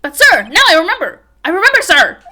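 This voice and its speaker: A woman voicing a jittery young male police patrolman in a game, shouting and ending nearly every sentence with "sir!". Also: extremely high pitch, huge pitch swings, fast talker, slight background noise, pitched above the performer's own voice, full character voice. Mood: frantic, loud. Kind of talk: voice acting a game script aloud.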